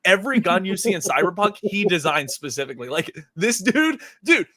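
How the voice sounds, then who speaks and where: A young man co-hosting a podcast, telling animated stories with lots of swearing and laughter. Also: high-pitched, a little fast, no room sound. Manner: animated storytelling, swears a lot, laughs often. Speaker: podcast co-host. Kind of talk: casual podcast chat.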